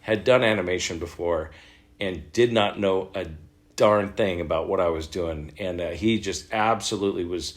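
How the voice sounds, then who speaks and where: A middle-aged man, a voice actor, telling a story in a casual interview, animated and laughing as he acts out what others said. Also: deep voice, moderate pace. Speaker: voice actor guest.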